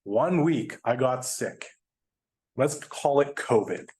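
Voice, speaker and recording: A man, a guest speaker telling a personal story in a chatty, animated way, laughing now and then. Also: medium pitch, slow pace. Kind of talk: storytelling presentation.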